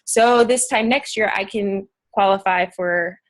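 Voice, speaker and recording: A woman's voice: medium pitch, unhurried. A woman from Pennsylvania hosting a casual goal-setting video call, bubbly and chatty with many fillers.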